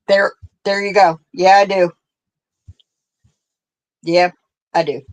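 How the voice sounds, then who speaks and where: A woman's voice: mid-range voice, lively intonation, drawn-out words. A woman with a central Pennsylvania accent, chatting casually on a craft livestream, laughing often and reading out viewer comments. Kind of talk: casual chat while crocheting.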